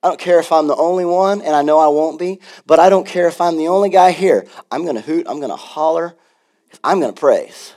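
A man pastor preaching a sermon in an animated, conversational way, with frequent asides. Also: a little high, fairly quick.

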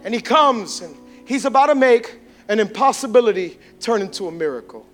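High-voiced man preaching with fervor. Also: animated, fairly quick, faint music behind. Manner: impassioned preaching that swings from shouts to hushed tones. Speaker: pastor. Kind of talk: sermon.

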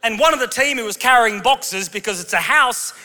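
A man's voice: extremely high pitch, expressive, fairly quick, bright, forceful tone. A male pastor preaching a sermon to his congregation with humorous storytelling. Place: large church auditorium. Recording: long hall reverb.

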